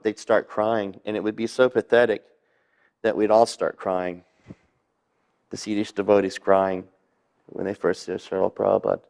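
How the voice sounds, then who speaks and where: An older man with a fairly low voice recalls memories in an interview. He tells the story haltingly, with fillers and restarts along the way. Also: darkish tone, clear, resonant tone. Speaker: devotee sharing memories. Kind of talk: reminiscing interview.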